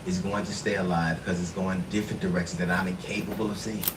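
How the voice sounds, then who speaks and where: A man's voice: low voice, level tone, fast. A man being interviewed as a comedian, talking in a rambling, heartfelt way. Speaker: comedian guest. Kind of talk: interview talk. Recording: distant, echoey room with background noise.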